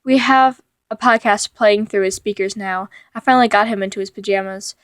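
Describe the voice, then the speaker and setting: A woman narrates a story in a steady read-aloud style. Her voice is middle in pitch. The recording is dry and close with no room sound. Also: a little fast, no room sound. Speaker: narrator reading a fan fiction.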